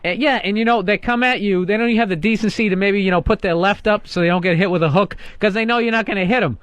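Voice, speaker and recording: A man in his thirties hosting a comedic radio call-in show, joking and profane and quick to laugh. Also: high voice, fairly bright tone.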